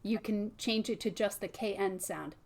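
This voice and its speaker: Patient woman coaching pronunciation. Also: mid-range voice. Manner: patient, models sounds slowly and softly. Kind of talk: one-on-one pronunciation lesson.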